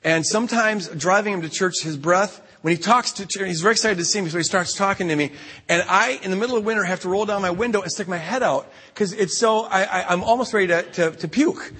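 A man's voice: sits high, quick pace, sharp tone, husky. A man speaking at a retreat, telling a funny story with lots of stammered restarts. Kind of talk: humorous storytelling talk. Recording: long hall reverb.

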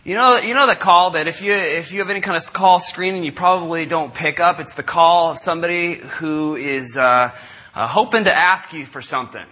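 A middle-aged man preaching, telling a story with lively asides and acting out the people in it. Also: on the high side, fairly quick. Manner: animated, acts out callers in raised voices. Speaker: pastor. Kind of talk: sermon storytelling. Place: church service.

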